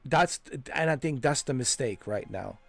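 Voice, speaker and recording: Excitable, rambling man with music behind. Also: medium pitch, moderate pace, vocal fry, no room sound. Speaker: gaming streamer. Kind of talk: casual chat during a game walkthrough.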